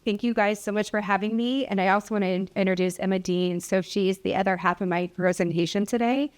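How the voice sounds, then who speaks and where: A woman's voice: mid-range voice, fairly even intonation, a little fast. A woman physician who specializes in obesity, presenting at a public hearing and telling a patient story with acted-out dialogue. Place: hearing room.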